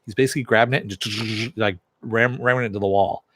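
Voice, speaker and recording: A man's voice: on the low side, steady tone, fast, a bit bright, dry recording. A man casually recapping a TV episode in a chatty way, chuckling and acting out characters' lines in a raised voice. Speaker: TV episode reviewer.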